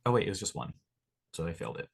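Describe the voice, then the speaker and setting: A man playing in a tabletop role-playing game, talking through his character's moves with many pauses and fillers. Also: deep voice, sing-song, creaky, noisy background. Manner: hesitant, many fillers and restarts while planning moves. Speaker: player.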